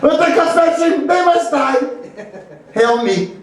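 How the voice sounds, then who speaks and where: A man putting on a shrill, shouting impression of a raging male dictator, recorded from far off in an echoey comedy club. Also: expressive, unhurried. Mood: ranting.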